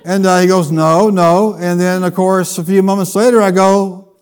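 A man preaching a sermon, telling a funny personal story with lively, animated delivery. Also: high voice, moderate pace, clean tone, a faint crowd. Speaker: pastor.

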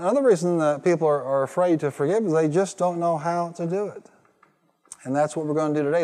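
A male pastor delivers a sermon with call-and-response, his ordinary mid-pitched voice rising to emphatic peaks. The sound carries a long reverb, as if recorded in a large church sanctuary. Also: darkish tone. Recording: reverberant hall.

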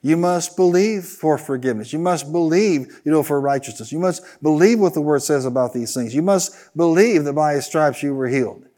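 Emphatic preaching man, higher voice. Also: moderate pace, hardly any pauses, mellow. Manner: emphatic call-and-response preaching, repeating phrases. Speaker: pastor. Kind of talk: sermon.

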